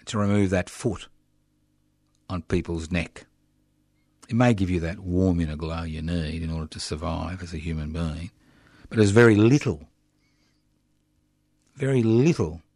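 A man's voice: deep voice, no room sound, clean studio sound. An older man hosting a radio show, giving passionate, indignant political commentary with mocking asides. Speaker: radio host.

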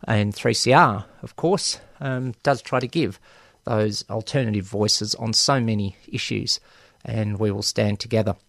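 A man's voice: lowish voice, measured pace, creaky, a bit bright, dry recording, studio quality. A man hosting a radio show, giving frank, emphatic opinion commentary full of ums and restarts. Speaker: radio host.

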